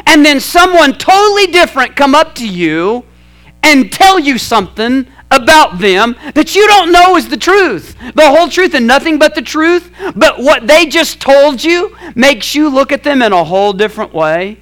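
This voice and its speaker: Brief: male pastor, lively, sweeping pitch, humorous sermon, loud-to-hushed swings. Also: moderate pace. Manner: storytelling, conversational, self-mocking humor.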